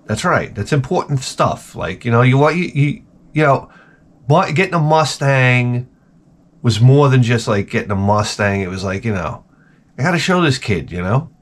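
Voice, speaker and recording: A man's voice: medium pitch, animated, moderate pace. Profane rambling male host. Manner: profane, ranting storyteller. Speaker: channel host. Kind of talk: rambling comedic monologue.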